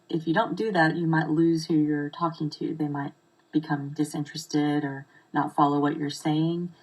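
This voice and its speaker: A woman giving an informal live video lesson as an accent modification coach, explaining step by step with slow, deliberate examples. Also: sits low, darkish tone, husky, low-quality recording.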